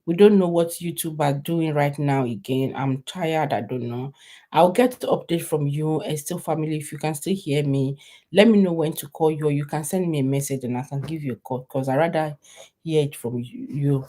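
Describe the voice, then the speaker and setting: A woman's voice: low voice, moderate pace, dark tone. Chatty Nigerian woman on a live stream. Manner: rambling, chatty, laughs often. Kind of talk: casual live stream chat.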